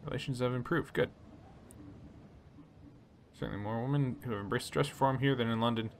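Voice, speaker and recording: A man hosting a relaxed let's play, reading story text aloud and chatting about his choices. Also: medium pitch, brisk, a little hiss or hum. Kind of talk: casual gameplay commentary reading game text aloud.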